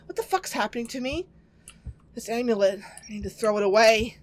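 A woman streamer giving sarcastic, excitable commentary while playing a game. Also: fairly high pitch, fairly quick, very noisy. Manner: excitable, sarcastic, swears and laughs a lot. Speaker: gaming streamer. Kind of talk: let's play commentary.

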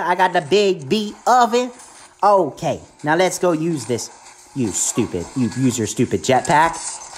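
An excitable woman narrates her own gameplay for viewers, her voice sitting on the lower side and swinging widely in pitch as she reacts. A faint hum of ambience sits under her talk. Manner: excitable, hyped, talks to viewers. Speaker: gaming YouTuber. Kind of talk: live gameplay commentary.

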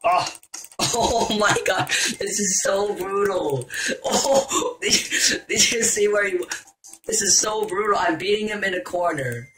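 A young man giving excitable, jokey commentary while playing a video game. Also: sits high, measured pace, faint music behind. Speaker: gaming YouTuber. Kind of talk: gameplay commentary.

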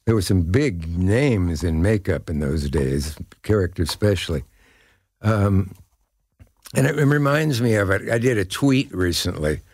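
Deep-voiced older man, rambling anecdotes. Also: very animated, darkish tone, no room sound, clean studio sound. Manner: rambling, anecdotal, pauses searching for names. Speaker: guest. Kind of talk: casual interview chat.

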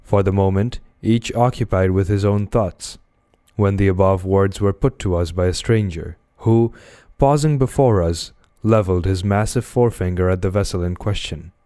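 A man reads a classic novel aloud, measured and expressive. His deep, smooth voice sits close to a dry microphone. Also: dry recording. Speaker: audiobook reader.

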